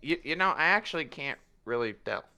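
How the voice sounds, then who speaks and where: Animated man running a tabletop game. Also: on the high side, a little fast. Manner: animated, laughing, swearing casually. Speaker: game master. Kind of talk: narrating a tabletop game with voices.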